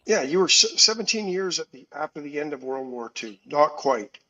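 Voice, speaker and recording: A man's voice: fairly high pitch, lively intonation, normal speed, bright, forceful tone, highs cut off. A man co-hosting a call-in talk show, blunt and emphatic, often repeating words as he starts a thought. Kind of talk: casual political call-in talk.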